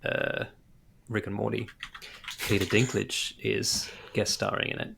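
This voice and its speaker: A man's voice: lowish voice, level tone, a little slow, vocal fry, background noise. A man co-hosting a casual podcast chat, making wry jokey asides. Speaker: podcast co-host.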